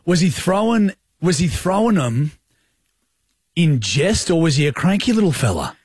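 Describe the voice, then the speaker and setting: Husky joking man. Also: fairly high pitch, very animated, a little mellow, no echo, clean studio sound. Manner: jokey banter, quick quips. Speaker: podcast co-host. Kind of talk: casual chat.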